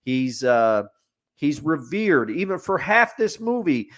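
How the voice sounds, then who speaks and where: A man's voice: fairly high pitch, sing-song, slow, a bit bright. A man co-hosting a casual sports podcast, opinionated and picking things apart point by point. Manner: opinionated, building lists with a repeated refrain. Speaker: podcast co-host.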